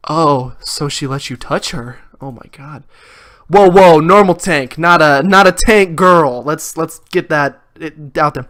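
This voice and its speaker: A man's voice: fairly high pitch, unhurried, a bit bright. A man hosting a let's play, reading game dialogue aloud and making goofy, sarcastic jokes. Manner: goofy, sarcastic, joking asides.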